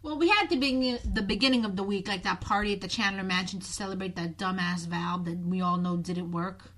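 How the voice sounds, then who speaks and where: A woman's voice: mid-range voice, brisk, a bit bright. A woman co-hosting a casual chat, blunt, sarcastic and often exasperated. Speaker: podcast co-host.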